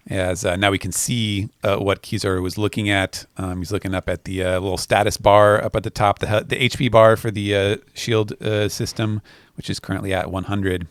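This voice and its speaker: A man co-hosting a podcast, recapping a comic chapter in a relaxed way, with laughing asides and acted-out quotes. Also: fairly low pitch, moderate pace, dry recording. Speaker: podcast co-host.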